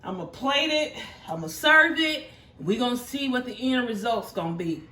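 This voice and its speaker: A mother talks casually while cooking in her home kitchen, her voice on the high side, expressive, fairly quick, pushed and bright. Chatty and apologetic, she laughs at her kitchen mistakes. She's a little off-mic in a reverberant, noisy kitchen, with a sizzling frying pan and clicks behind her.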